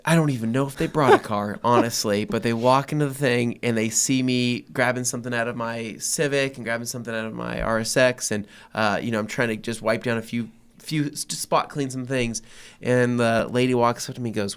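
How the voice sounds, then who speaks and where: A man co-hosting a podcast who tells a long anecdote in casual chat, animated and full of restarts. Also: medium pitch, a little fast, clean tone. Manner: animated storyteller, many restarts. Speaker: podcast co-host.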